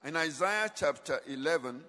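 Male preacher, high bright voice, call-and-response sermon in a long-reverb hall. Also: animated, normal speed. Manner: call-and-response questions to congregation; emphatic, dramatic shifts in volume.

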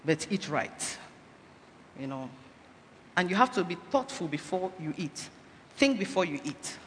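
A woman's voice: on the low side, a bit bright. A woman giving a health talk inside a sermon, urging her listeners and asking rhetorical questions. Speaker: church speaker. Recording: echoey hall, faint background noise.

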